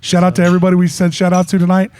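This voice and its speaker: A man co-hosting a podcast, chatting in a brash, excitable way and swearing freely. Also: sits high, rapid-fire, a little hiss or hum. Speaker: podcast co-host. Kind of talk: casual podcast chat.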